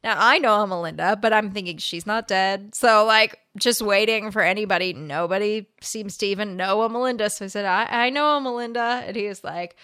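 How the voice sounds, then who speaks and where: Bright-voiced woman, podcast co-host. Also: mid-range voice, fairly quick, few pauses, clear, resonant tone, no room sound, clean studio sound. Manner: animated storyteller, acts out quotes. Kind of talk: casual chat, retelling a séance.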